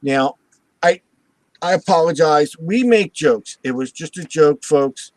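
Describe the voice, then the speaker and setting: This host of a live show takes an unhurried pace, his fairly high male voice free of room sound but roughly recorded. He tells a story energetically, voicing characters, laughing plenty, and enjoying his own jokes.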